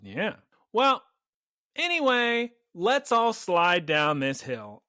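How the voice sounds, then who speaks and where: A man with a high, bright voice recaps a cartoon episode for his co-hosts, building it up with animated storytelling. The sound is close and dry, with no room around it. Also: takes it slowly, dry recording. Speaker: podcast host recapping an episode. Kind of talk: casual chat.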